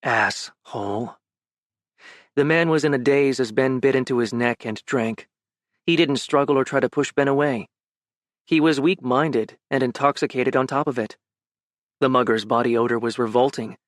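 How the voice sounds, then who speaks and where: A male audiobook narrator with a middle-range voice tells the story in a measured, even way. The sound is dry and close-miked with no room around it. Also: mid-range voice, no room sound.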